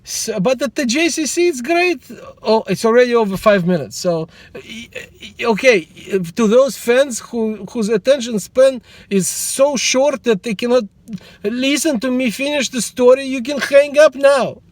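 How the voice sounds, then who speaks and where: A middle-aged man, rambling in a meandering, deadpan way while talking to the camera from inside a car. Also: extremely high pitch, unhurried, no room sound. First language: Russian. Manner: meandering, self-interrupting, deadpan humor. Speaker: vlogger. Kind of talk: rambling casual monologue to camera.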